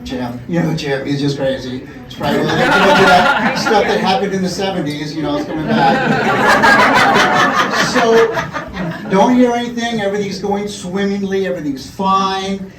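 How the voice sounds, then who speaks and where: A man's voice: sits high, normal speed. A man giving a roast speech at a party, telling a long comic story and often laughing as he acts out the people in it. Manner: laughing often while telling a long anecdote, acting out voices. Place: party room with a crowd. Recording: echoey party room, far from mic, loud noise.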